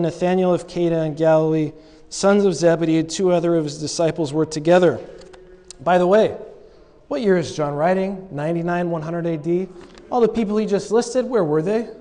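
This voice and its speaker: A high-voiced man preaching, retelling a scripture scene with playful asides and little acted-out voices. His words ring with the long reverb of a big hall. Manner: animated storytelling, acts out quoted lines with humor. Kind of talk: sermon.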